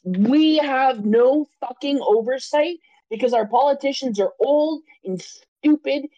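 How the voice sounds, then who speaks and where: A woman co-hosting a podcast fires off a heated, profane rant in a somewhat high voice. She is recorded close up with a dry, dead sound and no room echo. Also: a little slow, dark tone, highs cut off. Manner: profane, fired-up ranting. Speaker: podcast co-host. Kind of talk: casual podcast chat.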